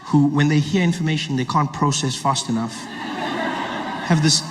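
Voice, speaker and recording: A high-pitched man performs stand-up storytelling on a large stage, animated and acting out every character. The sound has a long hall echo, with loud audience noise behind him. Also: moderate pace. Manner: animated, acts out both sides of the story. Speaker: stand-up comedian. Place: large comedy venue. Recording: echoey live venue with loud crowd noise. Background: audience laughter.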